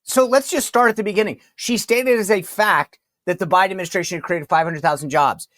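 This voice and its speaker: A man with a high, fairly bright voice hosts a political talk show, speaking a little fast in an emphatic, incredulous commentary monologue. He mockingly reads quotes aloud and repeats himself. The sound is clean studio audio with no room sound.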